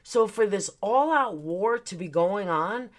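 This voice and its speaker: A woman's voice: medium pitch, animated, unhurried. A woman venting on her livestream, her voice swinging widely up and down as she gets heated. She swears freely and stops mid-rant to welcome people by name. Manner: heated, profane, greets chatters mid-rant. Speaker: livestream host.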